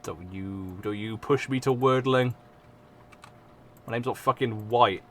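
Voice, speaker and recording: A man's voice: on the low side, unhurried, pauses often, fairly bright tone. A young man with an English accent streams casually, rambling, swearing often and mocking himself. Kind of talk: casual live-stream chat.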